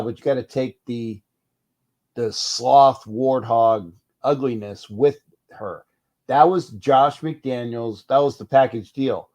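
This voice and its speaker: A middle-aged man hosting a casual fan live stream, rambling and animated, reading viewer comments aloud between restarts. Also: medium pitch. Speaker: host of a fan live show.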